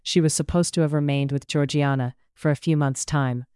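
Smooth, dry audiobook narrator. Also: medium pitch, fairly even intonation, normal speed, darkish tone, dry recording. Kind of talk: scripted period-novel narration.

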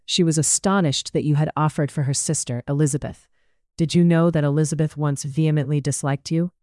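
Narrator voicing a weepy, slurring young gentleman. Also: mid-range voice, fairly even intonation, fairly quick, dry recording, clean studio sound, close to an everyday voice. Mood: rambling. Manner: sobbing, slurring, prattling. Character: distressed grieving young gentleman rider. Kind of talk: audiobook character reading.

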